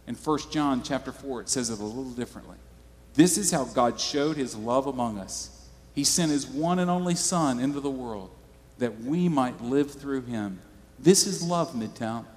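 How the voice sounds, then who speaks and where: A man's voice: medium pitch, expressive, normal speed, a little mellow, in a large hall. A male pastor preaching a sermon in a church, conversational and storytelling.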